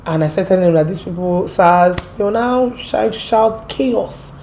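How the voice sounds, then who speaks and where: A woman with an American accent, from Port Harcourt, telling her story as an interview guest in a lively, animated way. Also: on the low side, normal speed, noisy background. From Port Harcourt, Nigeria. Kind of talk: casual storytelling.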